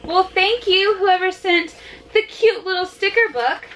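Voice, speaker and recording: High, bright-voiced gushing woman vlogger. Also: measured pace, faint music behind. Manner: gushing, emotional, many "like" fillers. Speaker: family vlogger. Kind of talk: casual vlog chat with a toddler.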